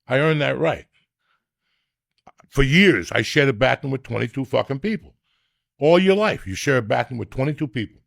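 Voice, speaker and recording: A middle-aged man, telling crude comic stories in a loud, profane, animated way. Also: medium pitch, brisk, vocal fry, no room sound, studio quality. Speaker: comedian and podcast host.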